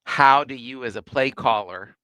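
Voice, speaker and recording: Bright, crisp male podcast host. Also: mid-range voice, normal speed, no room sound. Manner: conversational, leading questions, short agreements. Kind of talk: interview questions.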